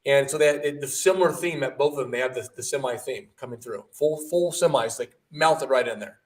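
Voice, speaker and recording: A man's voice: mid-range voice, fairly quick, distant mic. A man co-hosting a casual livestream, chatty and enthusiastic as he talks about food and plugs his business. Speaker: mortgage lender and co-host.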